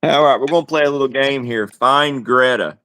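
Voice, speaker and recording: A man's voice: mid-range voice, normal speed, sharp tone. A man co-hosting a casual livestream chat, talking in a laid-back, wry drawl. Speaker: livestream co-host.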